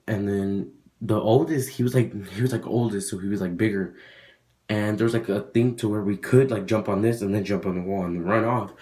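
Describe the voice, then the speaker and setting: A man's voice: lowish voice, darkish tone. A young man vlogging a casual story, rambling with lots of fillers and restarts.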